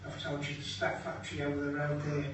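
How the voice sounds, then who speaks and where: An older man guiding visitors around a museum, explaining in a halting way with hesitations and dry jokes. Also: a little high, monotone. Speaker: museum guide. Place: museum indoors. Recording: very echoey room from far off, background noise.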